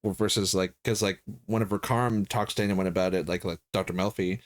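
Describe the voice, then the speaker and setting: Man, lowish voice, reaction co-host, rambling, lots of fillers, casual chat. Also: fairly even intonation, fairly quick. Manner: rambling, many fillers and restarts, laughs often. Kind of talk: casual chat about a TV episode.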